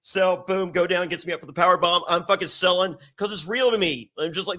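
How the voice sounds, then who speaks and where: A man from Virginia telling stories as an interview guest, swearing a lot and acting out quoted lines in a raised, excited voice. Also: high-pitched, fairly quick, hardly any pauses. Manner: animated, acts out quotes in raised voice, heavy swearing. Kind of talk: casual storytelling with profanity.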